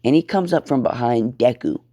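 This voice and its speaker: A man's voice: mid-range voice, a little fast, warm tone. A man casually narrating an improvised fan story, swearing often and acting out the lines. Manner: casual, swears a lot, acts out quotes.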